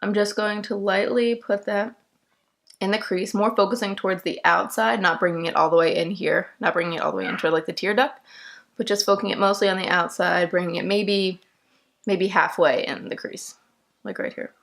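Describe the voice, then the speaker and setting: A woman's voice: medium pitch, steady tone, fairly quick, fairly bright tone. Chatty young woman doing a makeup tutorial. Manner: chatty, step-by-step, laughs easily. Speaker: makeup vlogger.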